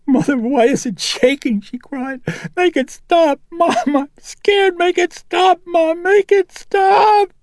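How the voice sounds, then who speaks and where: A man's voice: very high-pitched, takes it slowly, few pauses, mellow, dry recording, studio quality, voice pushed up, exaggerated voice. A man voicing a terrified little girl who screams in panic from her bed.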